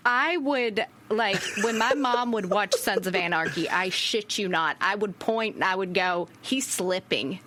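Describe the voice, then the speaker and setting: A woman of middle pitch speaks emphatically and with exclamations in casual chat. A faint noise hums behind her. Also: measured pace, few pauses, pushed and bright.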